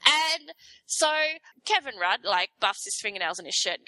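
A woman with an Australian accent chatting casually, telling an animated story and acting out people in mock voices. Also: mid-range voice, normal speed, dry recording, rough recording. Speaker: guest explaining local politics. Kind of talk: casual chat.

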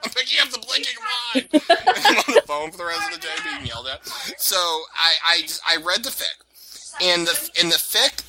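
An American man hosts a casual podcast chat, his pitch swinging widely as he rambles through stories and breaks into laughter. Voices of a crowd murmur behind him. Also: sing-song, moderate pace, gravelly, low-quality recording. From United States. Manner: rambling, laughs often, self-deprecating. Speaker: podcast host.

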